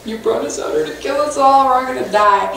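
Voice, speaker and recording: A woman's voice: high-pitched, quick pace, gravelly, slight background noise. A woman putting on whining, panicky complainers in a melodramatic tone, heard from far off in an echoey room. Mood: whiny.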